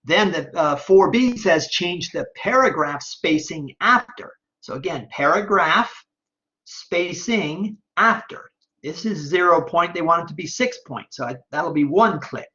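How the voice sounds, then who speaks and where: A man teaching an online class, talking step by step through a screen-recorded software tutorial and checking in often with "okay?". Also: a little high, expressive, measured pace, dull audio. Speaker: online instructor.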